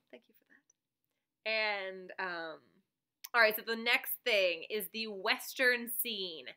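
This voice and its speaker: A woman's voice: medium pitch, sharp tone. A woman talking casually to her viewers in a rambling, chatty way, often breaking into laughs; she is a teacher who makes reaction videos, speaking at home to a camera mic.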